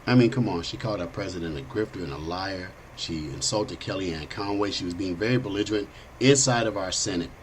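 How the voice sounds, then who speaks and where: A middle-aged man with a lowish voice hosts a political talk show. He talks bluntly and rambles in a loose, conversational way. There is a faint hiss of noise behind him. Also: fairly quick, few pauses, rough recording. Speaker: host.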